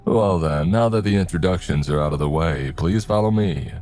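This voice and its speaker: A man voicing a folksy older man in a cowboy hat, a drawling, friendly property owner who talks slowly. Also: low voice, a little mellow, close to an everyday voice. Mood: genial.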